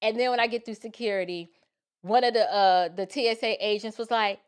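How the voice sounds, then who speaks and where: A woman hosting her show, telling a personal story in a casual, animated way. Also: fairly high pitch, a little fast, smooth. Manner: animated, quotes people in changed voices. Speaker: show host.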